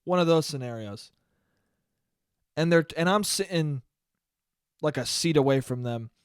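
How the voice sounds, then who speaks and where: A young man hosting a solo podcast, telling stories in a sarcastic, animated way and mocking people with quoted voices. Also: a little high, measured pace, clean tone, dry recording, clean studio sound. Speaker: podcast host. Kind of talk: solo comedic podcast rant.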